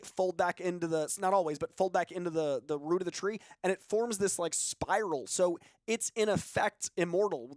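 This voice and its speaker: A chatty man co-hosting a livestream, telling stories at length with a self-deprecating edge. His voice sits fairly high for a man and the sound is close and dry, with no room around it. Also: no echo. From Boston. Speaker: co-host. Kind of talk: casual livestream chat.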